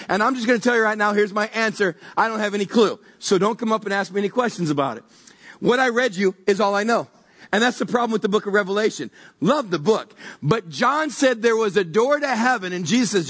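A pastor giving a conversational sermon, animated and stumbling over repeated words as he reaches for images. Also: high-pitched, fast talker.

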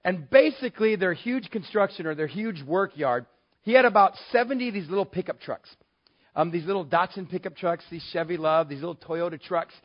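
Male storyteller from West Texas, animated and playful, on a dull lo-fi recording. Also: high voice, a little fast. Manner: lively, animated, acts out the voices in the dialogue. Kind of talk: personal anecdote told to an audience. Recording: dull, lo-fi sound.

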